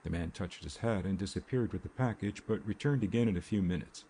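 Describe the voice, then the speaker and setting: Deep, gravelly male audiobook narrator. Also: brisk, dark tone, a little hiss or hum. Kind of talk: scripted narration. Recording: faint rain ambience behind.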